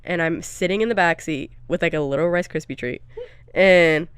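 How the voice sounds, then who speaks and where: A woman's voice: lowish voice, normal speed, clean tone, no room sound. A young woman co-hosting a podcast, telling frank, candid stories in casual chat with lots of filler words. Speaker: podcast co-host.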